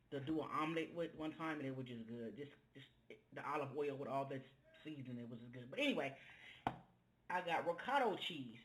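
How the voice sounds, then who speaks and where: A man's voice: fairly high pitch, a bit bright, a little hiss or hum, low-quality recording. A man chatting casually to viewers as a home cook while making a meal in his kitchen, rambling from one thing to the next. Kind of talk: casual cooking video.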